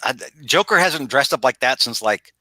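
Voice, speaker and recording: Man, podcast host, casual rambling recap, bright tone, dry sound. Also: mid-range voice, expressive, normal speed, no room sound. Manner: rambling, many fillers and restarts. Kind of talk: casual comic-book recap. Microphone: video call.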